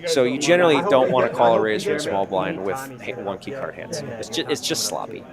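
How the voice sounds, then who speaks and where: A man's voice: on the low side, lively intonation, fairly quick. A man from Minnesota commentating a live poker stream in a casual, joking way, explaining hands and laughing often. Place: commentary booth at a poker room. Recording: busy crowd noise behind.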